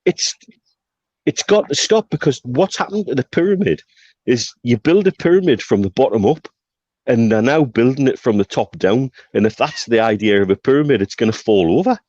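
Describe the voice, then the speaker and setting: A man's voice: medium pitch, expressive, normal speed, a little mellow, dry recording, dull audio. A man talking football business in a casual podcast chat, emphatic and repeating himself when he presses a point. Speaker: podcast co-host.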